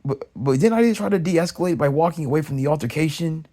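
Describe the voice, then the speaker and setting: A young man ranting heatedly in a casual vlog, swearing often and repeating himself as he vents. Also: quick pace. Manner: profane, heated, repetitive ranting; swings high and loud when mimicking others. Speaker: vlogger ranting. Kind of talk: casual rant.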